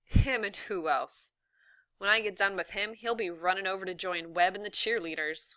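A woman's voice: medium pitch, moderate pace, bright, forceful tone, no room sound, studio quality, lightly acted. A woman voicing a brash, boastful seventh-grade football boy in a read-aloud story. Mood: cocky.

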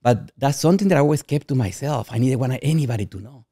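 A man's voice: medium pitch, lively intonation, quick pace, dark tone, husky, no echo, studio quality. A man from Guatemala, a podcast guest telling personal stories in a rambling way and often saying "you know what I mean". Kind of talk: candid personal storytelling.

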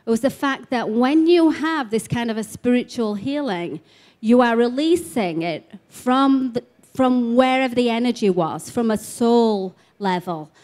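Speaking live to an expo audience, a woman shares spiritual healing stories in a chatty style packed with "like" and other fillers. She has a fairly high, lively voice, a measured pace, and a little mellowness.

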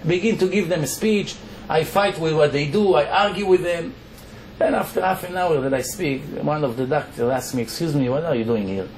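A man's voice: on the high side, normal speed, a little mellow. A man with an Israeli accent, a rabbi giving a Torah lecture to a congregation, emphatic and firing off rhetorical questions that he answers himself. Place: lecture hall. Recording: echoey hall with faint background noise.

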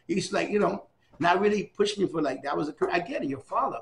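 Talking fast in a high-pitched voice, a middle-aged man looks back on his life during a casual oral history interview, animatedly voicing the people he quotes.

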